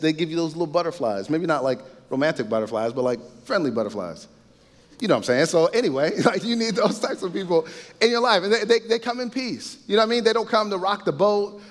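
Speaking with a fairly high pitch, a man gives an informal, sermon-like faith talk in what sounds like a big room. His delivery is conversational and repetitive, peppered with remarks aimed directly at his listeners.

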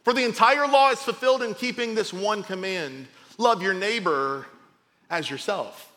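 Pastor guy preaching, bright tense voice a bit high, big echoey hall, gets loud then drops way down. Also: normal speed. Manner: dynamic, swings from loud emphasis to quiet drops; conversational, informal asides. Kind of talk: sermon.

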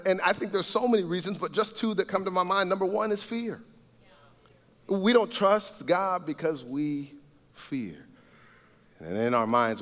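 Pastor guy preaching, earnest, gets loud then real quiet, church hall with long echo. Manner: earnest, swings between loud emphasis and soft low asides. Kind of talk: sermon. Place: church sanctuary.

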